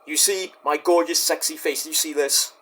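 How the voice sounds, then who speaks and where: A man's voice: fairly high pitch, steady tone, moderate pace, sharp tone. A man in a vlog ranting straight at his critics, defensive and indignant, swearing and rambling with restarts. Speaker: YouTube wrestling reviewer.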